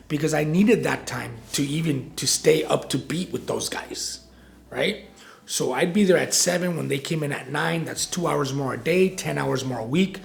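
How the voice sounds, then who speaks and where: This is a man in his forties, a restaurant operations director, speaking casually in an interview. His voice has a gravelly edge at an ordinary middle pitch. He rambles, trips over restarts and keeps checking in with "right?". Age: 40s.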